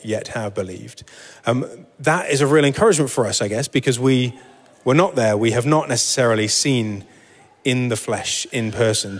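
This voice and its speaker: A man giving a sermon and reading scripture, relaxed and self-deprecating, with frequent fillers. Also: mid-range voice, long reverb tail. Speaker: preacher.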